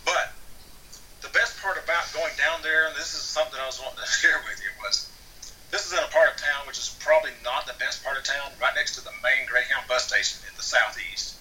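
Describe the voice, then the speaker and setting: A man's voice: medium pitch, brisk, sharp tone, far from the mic, a little hiss or hum, low-quality recording. A man, an actor guest, telling a casual, rambling story that circles back and repeats words as he restarts sentences. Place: home near Atlanta.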